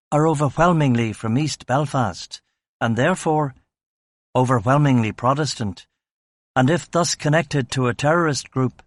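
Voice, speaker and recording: A man's voice: medium pitch, no echo, lightly acted. A man playing a cautious factory manager in an audiobook, explaining things carefully and formally.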